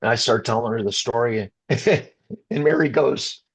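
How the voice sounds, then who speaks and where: A man's voice: mid-range voice, moderate pace, slightly rough. A middle-aged man from the Chicago area, a rock singer, telling an emotional story in an interview, stumbling and restarting and getting choked up. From Chicago area, USA.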